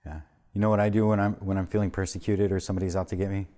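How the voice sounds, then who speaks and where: A man serving as a pastor, talking with a group in a relaxed way and telling stories from his own life. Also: deep voice. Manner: conversational, with restarts and fillers and a quick laugh. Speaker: pastor leading a group discussion. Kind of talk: casual group talk and storytelling.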